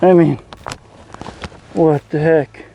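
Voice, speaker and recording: A man's voice: on the high side, steady tone, slow pace, lo-fi sound, a little hiss or hum. A man on a kayak fishing, exclaiming giddily and laughing at each catch. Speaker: angler filming a fishing video. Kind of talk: excited outdoor fishing chatter. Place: on a kayak on a lake outdoors.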